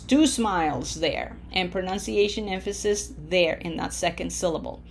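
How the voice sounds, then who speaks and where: A woman teaching a recorded Spanish lesson, patient and encouraging, modeling words slowly for learners to repeat and checking in with frequent okays. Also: on the low side, creaky. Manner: slow, patient, drills with repetition.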